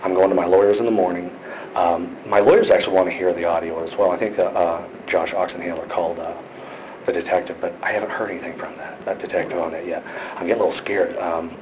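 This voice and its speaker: This complainant talks fast in a low, fairly even voice, nervously circling his story at the police station and restarting often amid many fillers. The recording is distant, noisy and echoey, and the exchange is casual.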